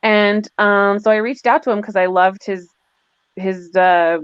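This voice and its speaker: A woman's voice: medium pitch, steady tone, measured pace, clean tone, no echo. Chatty woman on a lo-fi call. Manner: chatty, laughing, acts out quotes. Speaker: guest author. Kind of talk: casual live chat. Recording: dull, lo-fi dry audio.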